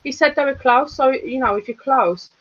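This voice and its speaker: A woman's voice: high voice, normal speed. Woman guest chatting, lots of like and you know, muffled lo-fi sound. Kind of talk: casual talk-show discussion. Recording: dull lo-fi audio.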